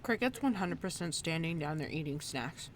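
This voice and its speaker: A woman's voice: low-pitched, animated, normal speed. A woman playing a tabletop game, making dry jokes. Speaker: player. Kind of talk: casual tabletop play. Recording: audible background noise.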